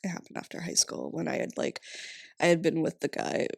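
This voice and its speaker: A woman's voice: deep voice, level tone, brisk, gravelly, a little mellow, breathy edge, no room sound, studio quality. A young woman in her twenties from Rhode Island, chatting casually as a podcast guest, laughing often and saying "like" a lot. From Rhode Island, USA. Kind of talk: casual interview chat.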